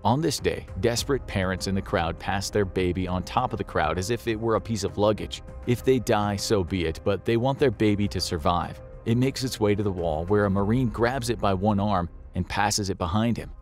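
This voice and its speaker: A man's voice: lowish voice, moderate pace, hardly any pauses, faint music behind. A man narrating a scripted documentary in a grave, dramatic storytelling manner.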